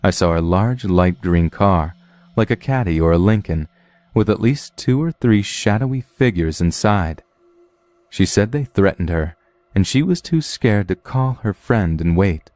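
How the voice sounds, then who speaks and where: A man's voice: sits low, lively intonation, a little slow, a little mellow, dry recording. A man narrating a true horror story in a blunt, profane telling.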